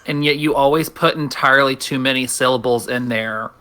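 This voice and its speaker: Teasing bright-voiced gaming co-host. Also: mid-range voice, a little fast. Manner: teasing and wry, laughs often. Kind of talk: casual gaming stream banter.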